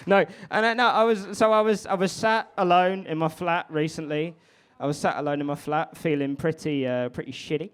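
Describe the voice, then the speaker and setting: On a comedy club stage in front of a live crowd, a twenty-something comedian rambles chattily through a stand-up set with crowd work, swearing often. His voice sits on the high side, clear and resonant, with a steady tone, a fairly quick pace, and hardly any pauses.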